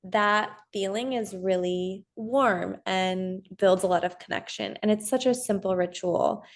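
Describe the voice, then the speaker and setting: Calm, gentle woman therapist. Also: mid-range voice, a little slow. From United States. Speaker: therapist, podcast guest. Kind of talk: casual interview chat.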